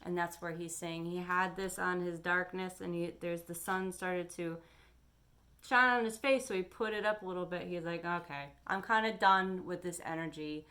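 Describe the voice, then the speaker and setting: A woman's voice: fairly low pitch, steady tone, moderate pace, pushed and bright. A woman tarot reader giving a chatty, encouraging weekly energy forecast to her camera. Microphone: camera on her face.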